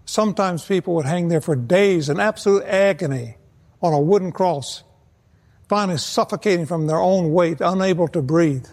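A man preaching an evangelistic sermon, earnest and measured, slowing down to stress key words. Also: high-pitched, a little mellow, in a large hall. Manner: earnest, measured, slows for emphasis.

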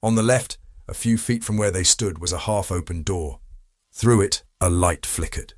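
A man narrating a crime story audiobook in a steady, measured reading. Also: sits low, dry recording, clean studio sound.

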